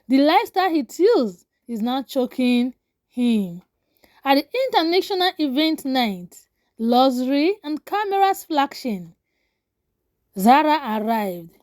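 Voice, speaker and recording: Brief: woman storyteller, high animated voice, punchy dramatic lines. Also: no room sound, studio quality. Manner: dramatic, short declarative lines. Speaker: narrator. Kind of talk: scripted story narration.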